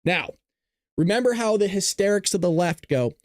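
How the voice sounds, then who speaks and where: High-voiced sarcastic male show host. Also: lively intonation, moderate pace, no echo, studio quality. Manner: sarcastic, mocking, reads news aloud. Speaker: political talk show host. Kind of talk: live show commentary.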